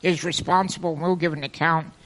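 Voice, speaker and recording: A man with a fairly high voice speaks up in a church discussion group. He talks hesitantly, stumbling over his words and often restarting his sentences. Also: fairly even intonation, brisk, fairly bright tone.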